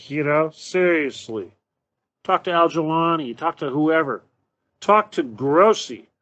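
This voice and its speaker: A man's voice: on the high side, animated, slow, a bit bright, no room sound, muffled recording. A man hosting his own show, delivering a blunt, profane and sarcastic solo political rant. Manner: sarcastic, mocking. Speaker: show host.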